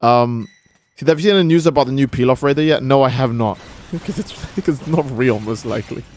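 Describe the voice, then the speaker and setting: A man's voice: mid-range voice, brisk, a little mellow, slight background noise. A young man streaming a game, rambling and joking with profanity in casual commentary. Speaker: gaming streamer.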